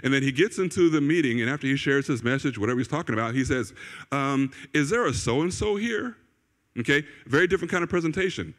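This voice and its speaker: Speaking quickly in a slightly bright, mid-range voice, this pastor delivers his sermon conversationally, leaning on repeated phrases and frequent "right?" or "okay?" check-ins. The church sanctuary gives the audio a long, hall-like reverb.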